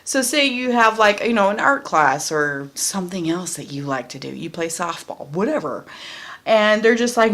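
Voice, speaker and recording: Lady doing a chill tarot reading, kinda low voice, repeats stuff and swears a lot. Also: lively intonation, moderate pace, fairly bright tone. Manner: chatty, repeats phrases, swears freely. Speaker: tarot reader. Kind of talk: casual tarot card reading.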